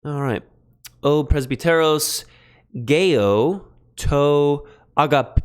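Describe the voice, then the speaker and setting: A man streaming a Greek translation lesson, thinking aloud in a halting way and pausing while he writes notes. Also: medium pitch, a bit bright. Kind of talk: relaxed live-stream teaching.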